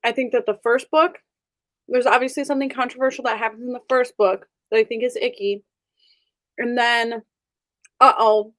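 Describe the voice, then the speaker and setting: Chatty higher-voiced woman hosting a readalong. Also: fairly even intonation, moderate pace, long pauses, fairly bright tone, no room sound. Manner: chatty, bubbly, laughs often. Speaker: host of an online group reading session. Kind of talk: casual chat.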